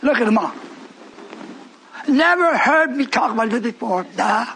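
A man preaching a fiery sermon, speaking emphatically and breaking into shouts. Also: very high voice, animated, normal speed, background noise.

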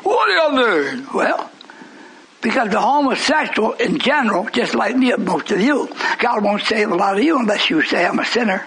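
A man preaching a sermon with fervent conviction, swinging between shouted declarations and hushed asides. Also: high voice, normal speed, poor audio. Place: church service. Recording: live recording with congregation noise. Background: congregation calling out responses.

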